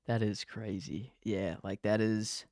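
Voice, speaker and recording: A man's voice: on the low side, level tone, slow, darkish tone, no room sound, clean studio sound. A man co-hosting a podcast, chatting casually about a movie in a rambling way, full of "like" and quoted bits of dialogue. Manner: rambling, many likes, acts out quoted lines. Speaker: podcast co-host. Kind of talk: casual movie review chat.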